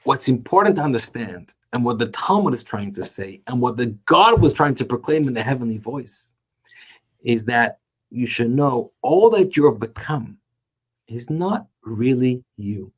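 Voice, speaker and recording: A man, a rabbi, teaching a Torah class, telling stories with animated rhetorical questions. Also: mid-range voice, moderate pace, breathy edge.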